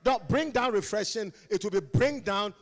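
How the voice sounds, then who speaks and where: A Ghanaian man preaching a lively conference sermon, teasing his listeners and swinging from quiet asides to shouted calls. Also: sits high, moderate pace, in a large hall, soft background music. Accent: Ghanaian English. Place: large conference hall.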